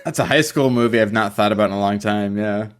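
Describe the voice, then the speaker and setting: Co-host, male, low voice, reflective, casual. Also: quick pace, a crowd in the background. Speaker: podcast co-host. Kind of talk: casual chat.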